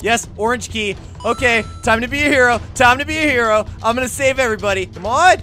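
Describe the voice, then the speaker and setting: A young man giving excited gameplay commentary, yelping, laughing and narrating his moves as he plays. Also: very high-pitched, fast, few pauses. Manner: animated, yelps and laughs often. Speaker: gaming YouTuber.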